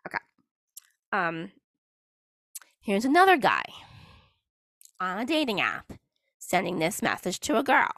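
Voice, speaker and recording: A woman's voice: mid-range voice, huge pitch swings, measured pace, pauses often, fairly bright tone, no room sound, studio quality. A woman hosting her own podcast, talking in a chatty, rambling way and often stopping mid-sentence to restart. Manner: chatty, rambling, self-interrupting. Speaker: podcast host. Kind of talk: casual solo podcast monologue.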